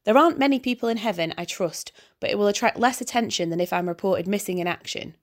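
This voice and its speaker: A woman voicing a fussy, anxious male angel who speaks in a polite, hurried way. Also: medium pitch, lightly acted. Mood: fretful. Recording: background hiss.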